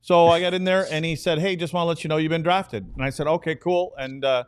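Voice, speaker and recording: A man's voice: on the high side, fairly even intonation, fast, clean tone. A man in his sixties, a podcast co-host and former player, telling rambling, self-deprecating stories in casual talk. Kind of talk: casual storytelling.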